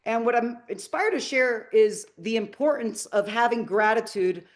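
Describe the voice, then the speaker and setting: A woman's voice: on the high side, animated, normal speed. A middle-aged woman giving a live motivational masterclass, earnest and inspirational, telling stories and asking the audience questions. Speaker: motivational speaker.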